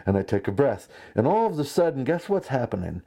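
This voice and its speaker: A man in his thirties preaching a conversational sermon, telling stories with lively asides. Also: mid-range voice, fairly quick, gravelly. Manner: conversational, animated storytelling with asides. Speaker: pastor.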